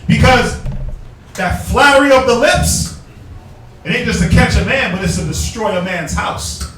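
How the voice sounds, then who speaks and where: Loud preaching man, high voice. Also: expressive, unhurried. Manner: loud, forceful, calls for verses and mocks in put-on voices. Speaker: street preacher. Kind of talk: street sermon with scripture reading. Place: outdoors on a street. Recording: echoey, from far off, faint noise.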